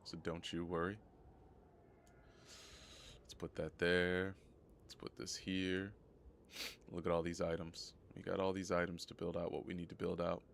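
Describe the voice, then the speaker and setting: A hoarse, sick young man streaming live gameplay, chatting casually and rambling, often repeating himself. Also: deep voice, flat delivery, unhurried, long pauses, slight background noise. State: hoarse from a cold.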